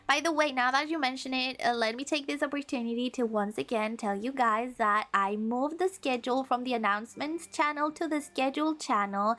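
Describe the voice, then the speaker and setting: A woman's voice: on the high side, fairly bright tone. A young woman streaming a game, chatting casually with her viewers and teasing them with mock laughter.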